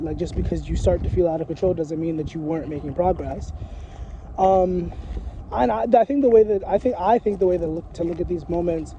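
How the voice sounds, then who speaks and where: A man with a high voice and a very dark, mellow tone, talking candidly in a casual walking vlog. He rambles, full of fillers and blunt swearing. The audio is slightly muffled, with faint street noise behind him. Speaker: vlogger. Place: outdoors on a street while walking.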